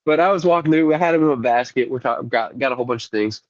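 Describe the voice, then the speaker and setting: A man's voice: mid-range voice, very fast, hardly any pauses, no echo, highs cut off. A man who is sick, co-hosting a podcast and telling profane, laid-back stories in casual chat. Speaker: podcast co-host.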